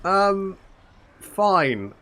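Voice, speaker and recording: A man's voice: high-pitched, big pitch swings, extremely slow, a bit bright. A man hosting a strategy game let's play, commenting as he plays, given to swearing and exasperated outbursts. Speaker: gaming channel host.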